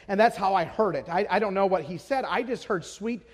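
A man with a very high voice preaching in a hall that rings with long reverb. He is from Idaho, tells stories and fires rhetorical questions at the audience, then rises to emphatic declarations. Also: brisk. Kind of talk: sermon.

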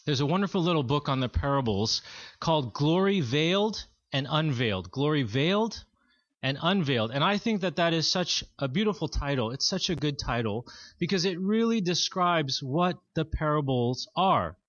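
A man preaching a sermon as pastor, in a measured, earnest teaching manner. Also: on the high side, lively intonation, a bit bright, dry recording, lo-fi sound.

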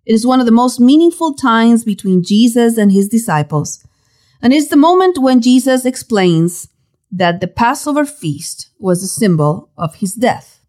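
A woman narrates a devotional Bible teaching in a fairly high voice. Her delivery is dramatic and animated, with a wide pitch range. She leans on rhetorical questions to draw the listener in. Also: normal speed.

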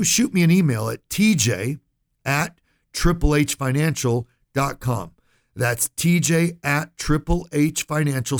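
A man with a mid-range, gravelly voice hosts a financial radio talk show. He speaks straight to listeners in a folksy, emphatic manner, often checking in with "right?" and "okay?".

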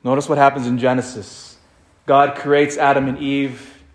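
A male preacher tells a story dramatically, dropping to near silence and then building up loud. His voice sits at an ordinary middle pitch. The sound echoes around the room. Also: level tone, moderate pace. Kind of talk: sermon.

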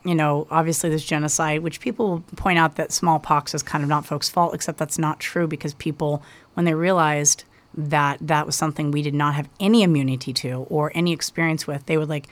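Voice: medium pitch, steady tone, a little fast. A guest author talking earnestly and passionately in a casual interview, with many restarts.

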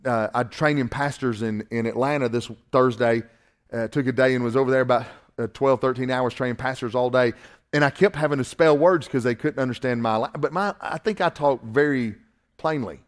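A man with a Southern accent from Northwest Georgia, preaching a sermon in a folksy, animated, joking way. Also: medium pitch, fairly quick. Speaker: pastor.

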